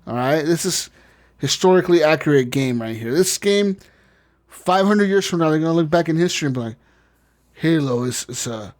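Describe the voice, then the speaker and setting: A man's voice: on the high side, brisk. A man co-hosting a casual gaming podcast, swearing freely and joking through rambling rants. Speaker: podcast co-host.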